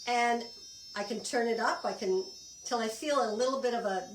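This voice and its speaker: A woman's voice: a little high, normal speed, reverberant, recorded from a distance, noisy background. A middle-aged woman from Canada leading a participatory wellness class, chatty and encouraging, often restarting her sentences. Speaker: wellness instructor.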